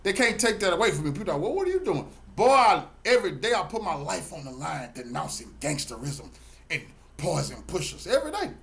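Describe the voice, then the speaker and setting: A middle-aged man speaks straight to his viewers in a preachy, emphatic flow. His voice sits a little high for a man, and he stacks up repeated words when he's fired up. It's a loose, heartfelt monologue to camera. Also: sing-song, a little fast, creaky, a bit bright. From Texas, Galveston County. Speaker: channel host and community activist.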